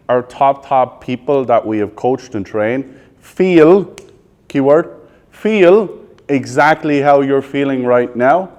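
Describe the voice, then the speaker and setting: An Irish man in his thirties coaches a live room of salespeople, tossing out quick questions and finishing the answers himself. His voice sits at an ordinary middle pitch, and his delivery is blunt and laced with swearing. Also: a little mellow. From Ireland. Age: 30s. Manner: quizzes the audience with rapid questions, blunt and profane. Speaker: sales trainer. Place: training room with a live audience.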